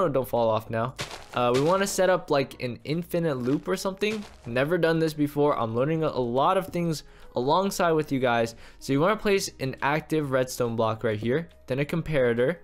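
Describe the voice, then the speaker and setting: A young man giving casual gameplay commentary as a YouTuber, chatty and thinking aloud with lots of fillers. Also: mid-range voice. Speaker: Minecraft YouTuber.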